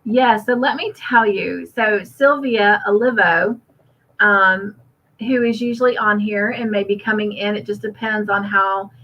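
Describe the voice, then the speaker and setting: A woman hosting a casual stream speaks a little slowly, her mid-range voice keeping a steady tone. She reads comments from viewers aloud and responds warmly and chattily with frequent laughs, captured on slightly dull lo-fi audio.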